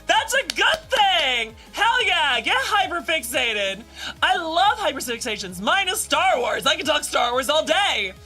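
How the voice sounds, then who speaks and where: A high, bright-toned woman chats with her live-stream audience, her pitch leaping up and down as she bursts into playful, exasperated shouts. Her delivery is excitable and lively. Soft music plays faintly behind her. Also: unhurried. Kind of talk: casual live-stream chat with viewers.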